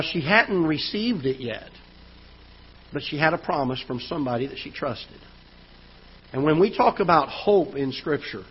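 Midwestern pastor telling a story in a sermon. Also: male voice, mid-range voice, husky. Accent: Midwestern American. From United States. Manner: storytelling, halting restarts and repeated words. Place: church auditorium. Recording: dull lo-fi church broadcast audio.

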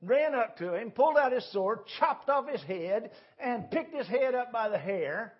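A man's voice: very high voice, animated, moderate pace, breathy edge, highs cut off. A man preaching a sermon in a church, telling a Bible story in a folksy way. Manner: storytelling, folksy, with quoted voices. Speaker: pastor. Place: church sanctuary.

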